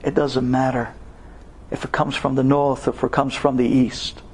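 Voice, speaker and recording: A man telling a story in an animated sermon style, dramatic and acting out the people he quotes in raised voices. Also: medium pitch, normal speed, breathy edge. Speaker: religious storyteller.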